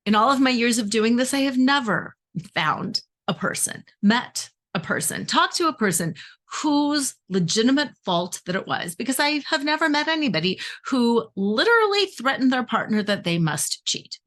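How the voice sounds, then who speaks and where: A woman's voice: a little high, big pitch swings, moderate pace, a bit bright. A middle-aged woman, a relationship coach, talking emphatically and conversationally to her viewers. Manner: emphatic, conversational, acts out quoted voices. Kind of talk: direct-to-camera coaching talk.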